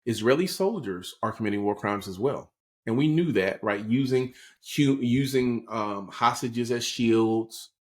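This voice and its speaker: This casual political chat features a male podcast co-host speaking at a measured pace in a mid-range voice. He breaks down current events in an easygoing, explanatory way, frequently asking "right?"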